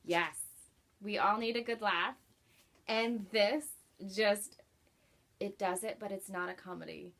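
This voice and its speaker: A woman chatting casually in a book review vlog, warm and enthusiastic, with many likes and ums. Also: mid-range voice, takes it slowly, vocal fry, long pauses.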